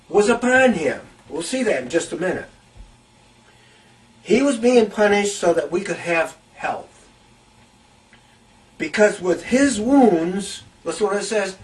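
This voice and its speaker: A man's voice: sits high, fairly bright tone, far from the mic, low-quality recording. A man preaching a Bible teaching sermon, reading scripture aloud and repeating key phrases to stress them.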